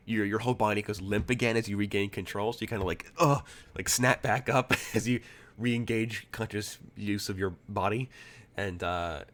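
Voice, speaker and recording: A man's voice: on the low side, moderate pace, a bit bright. A man narrating as game master, rambling with many fillers and restarts.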